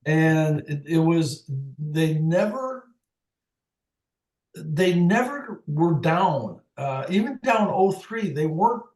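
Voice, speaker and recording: A man, a former umpire, recalling baseball stories in casual chat, halting and restarting often. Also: on the high side, animated, darkish tone, reverberant. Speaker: retired umpire guest.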